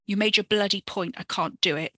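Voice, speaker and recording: A woman's voice: mid-range voice, brisk, bright, forceful tone, no room sound, studio quality. A woman voicing an exhausted young man in pain who swears and sounds strained. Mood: desperate strained.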